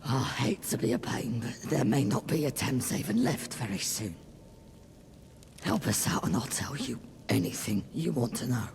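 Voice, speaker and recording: An actor playing a weary male leader of a fish-like river people, speaking in slow, hesitant pleas in video game dialogue. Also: mid-range voice, big pitch swings, gravelly, a little mellow, a little hiss or hum. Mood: pleading.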